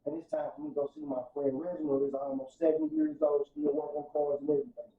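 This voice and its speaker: St guy preaching his story on a podcast, goes quiet then loud, kinda far off in an echoey room. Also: fairly high pitch, flat delivery, quick pace, a little hiss or hum. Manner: fervent, preacher-like, swings from soft to loud. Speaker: podcast guest. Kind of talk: emotional testimony in casual podcast talk. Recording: roomy, distant, dull sound.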